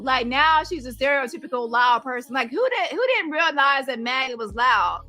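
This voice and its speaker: A woman's voice: high-pitched, lively intonation, normal speed, hardly any pauses, pushed and bright. A woman hosting a casual livestream, blunt and gossipy, talking straight to her viewers. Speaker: livestream host.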